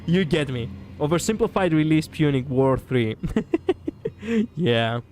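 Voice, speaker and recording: A man's voice: fairly high pitch, lively intonation, measured pace, darkish tone, a little hiss or hum. Playful Greek-accented man streaming a game. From Greece. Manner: playful, breaks into laughter and quips between read-out lines. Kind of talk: gameplay livestream, reading game text aloud.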